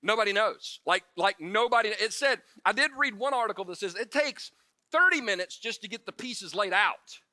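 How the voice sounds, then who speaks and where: A male pastor giving a casual sermon in a conversational, joking way, with quick asides and restarts, acting out the story figures in quick little voices. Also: high voice, lively intonation, sharp tone, no room sound.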